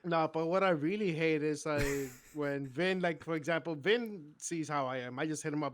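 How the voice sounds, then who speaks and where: A man's voice: fairly high pitch, normal speed, few pauses, no echo. A blunt, slangy man, dry and close. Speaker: podcast co-host. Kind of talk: casual chat.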